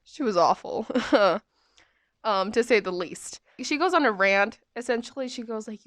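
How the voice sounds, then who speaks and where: A woman's voice: a little high, lively intonation, measured pace, fairly bright tone, dry recording. A young adult woman hosting a podcast, rambling through stories in a chatty, casual way with lots of fillers. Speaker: podcast host. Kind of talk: casual storytelling.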